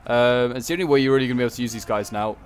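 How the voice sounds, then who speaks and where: Man of mid pitch for relaxed game commentary, chatty and meandering with wry jokes and mid-sentence corrections. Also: racing, clean tone. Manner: rambling, self-correcting, joking asides. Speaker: gameplay commentator. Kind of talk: casual strategy game commentary.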